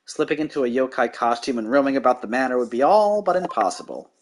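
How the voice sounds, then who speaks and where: A man's voice: mid-range voice, lively intonation, slight background noise, close to an everyday voice. A man doing a smug villainous prosecutor. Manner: condescending, mocking, deliberate.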